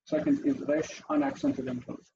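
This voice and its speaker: Man, online teacher, gravelly mellow voice, lively intonation, slightly dull call audio. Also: mid-range voice, normal speed, slight background noise. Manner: animated, asks students in turn, thinks aloud. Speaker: teacher leading an online class. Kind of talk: interactive online language lesson.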